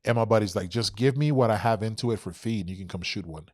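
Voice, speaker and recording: Man, low voice, dry sound, casual storytelling, swears a lot, acts out quotes. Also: fast talker, no echo. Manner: animated, profane, acts out quotes. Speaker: podcast guest.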